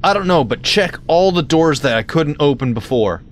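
A man's voice: on the high side, lively intonation, moderate pace, a little hiss or hum. A man hosting a let's play, rambling in casual gameplay commentary with self-mocking asides. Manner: rambling, self-mocking, lots of sudden yelps.

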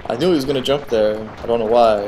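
A let's play host with a mid-range voice talks quickly over slight background noise while gaming. He gives casual, excitable commentary, cheering on his character and guessing what the boss will do next.

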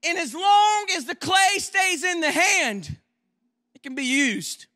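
A man preaches from a church pulpit in a very high, ringing voice. His delivery is fervent and rises into shouts. He also slips into quick, quiet joking asides. The tone stays bright and cutting throughout. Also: expressive. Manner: impassioned preaching that swells into shouts. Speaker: guest preacher. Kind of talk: sermon.

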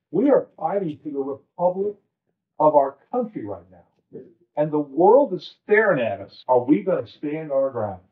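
A man's voice: a little high, distant mic. A man, a state legislator, giving a fiery, emphatic speech at a closed-door meeting that builds to anger. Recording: tinny leaked phone-like recording.

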